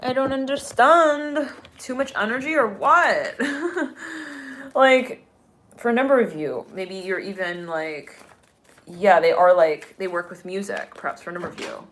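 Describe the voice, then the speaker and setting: A woman giving a live-streamed tarot reading. She talks in a chatty, exclamatory way, laughs often and breaks into sudden excited bursts. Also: medium pitch, unhurried. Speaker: tarot reader.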